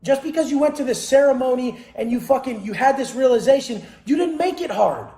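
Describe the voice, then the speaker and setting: A man's voice: very high voice, animated, fairly quick, dark tone, reverberant. A man giving an intense motivational monologue, blunt and heavily profane, firing off rhetorical questions. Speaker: motivational speaker.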